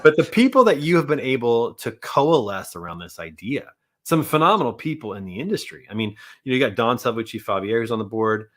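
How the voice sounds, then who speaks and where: A man's voice: medium pitch, big pitch swings, brisk, fairly bright tone. A man hosting a podcast, chatting casually and joking with his guest. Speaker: podcast host. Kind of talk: casual interview chat.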